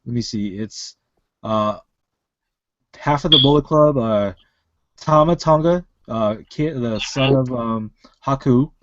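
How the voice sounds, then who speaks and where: A man's voice: medium pitch, slow pace, long pauses, highs cut off, noisy background. A man co-hosting a casual wrestling podcast over an online call, rambling with many fillers and restarts. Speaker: podcast co-host.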